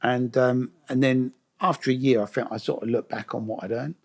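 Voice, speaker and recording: A man's voice: mid-range voice, steady tone, brisk, breathy edge. A man, a guest in a casual interview, telling stories in a chatty way, swearing freely and acting out the voices of people he quotes.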